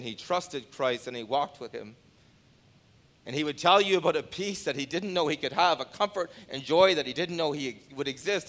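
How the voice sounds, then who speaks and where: A man preaching a sermon, moving from quiet storytelling to loud, rising pleas, often repeating phrases for emphasis. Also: mid-range voice. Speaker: pastor.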